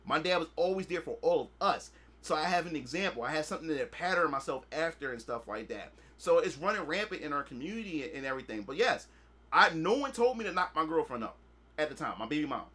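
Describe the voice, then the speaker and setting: A man's voice: on the high side, animated, fast talker, pushed and bright, breathy edge. A man hosting a podcast, talking in a blunt, profane, lecturing way and leaning on repeated filler phrases. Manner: emphatic, preachy lecturing. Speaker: podcast host. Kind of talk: casual podcast monologue.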